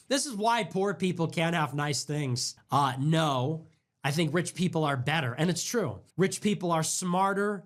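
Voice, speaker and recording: A young man hosting a livestream, ranting casually in a sarcastic, mocking, profane way, jumping between squeaky mock voices and low mutters. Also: lively intonation, measured pace. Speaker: livestream host.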